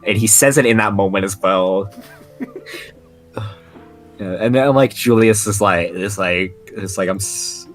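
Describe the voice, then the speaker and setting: Rambling young man, lowish voice. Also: unhurried, long pauses, faint music behind. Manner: rambling, many restarts and "like" fillers. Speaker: podcast co-host. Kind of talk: casual anime podcast chat.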